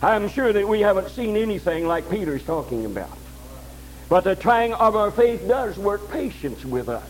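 An older man preaches a sermon in a folksy manner, repeating phrases and checking in with listeners by asking "all right?" His high voice is very animated at a normal speed, and the audio quality is poor.

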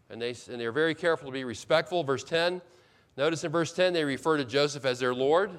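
A male pastor delivering an expository sermon in an earnest, emphatic voice that sits a little high for a man. He hammers key points home through repetition and often stumbles, then restarts a phrase. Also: fairly bright tone.

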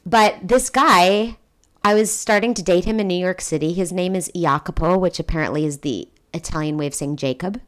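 Forties woman, kinda low voice, chatty and animated, does voices when she tells stories. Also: moderate pace. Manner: animated storyteller, acts out quoted voices. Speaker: guest telling life stories. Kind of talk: casual chat. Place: indoors at a table.

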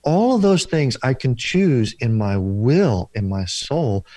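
A man's voice: medium pitch, big pitch swings, takes it slowly, warm tone, dry recording. A man, a deliverance minister and counselor, telling stories in an interview in an earnest, repetitive preaching cadence. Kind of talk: interview storytelling.

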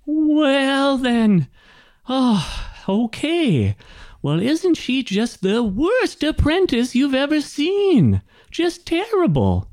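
A man's voice: very high-pitched, wildly swooping pitch, very slow, a little mellow, voice pushed up, full character voice. A man voicing a senile, oblivious old male gnome wagon master who rambles cheerfully. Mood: flustered.

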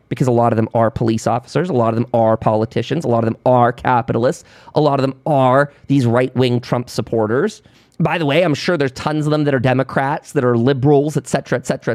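A man's voice: fairly high pitch, a little mellow, no room sound, studio quality. A man hosting a podcast, giving a heated, sarcastic political monologue and putting on mocking voices when he quotes people. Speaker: podcast host.

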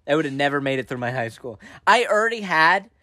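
Young man telling an animated story, dry room. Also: fairly high pitch, fast talker, dry recording. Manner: animated, full of fillers and restarts, laughs often. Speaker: podcast host. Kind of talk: casual storytelling chat.

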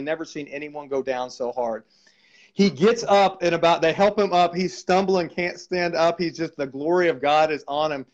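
A man with a slightly high voice tells a charismatic testimony, fervent and full of repeated words and restarts. The recording is dull and lo-fi. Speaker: minister sharing testimony.

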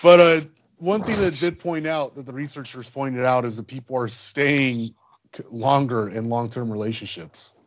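A man's voice: medium pitch, normal speed. A man co-hosting a casual podcast, sharing a news item with short laughs between points. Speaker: co-host.

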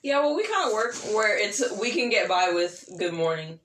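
A woman chats on a laid-back podcast, winding through a long story about her day with plenty of casual swearing and laughter. Her voice sits at an ordinary pitch, and the room around her gives it a noticeable echo. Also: very animated, normal speed, fairly bright tone. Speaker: podcast co-host. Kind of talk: casual chat. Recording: echoey room.

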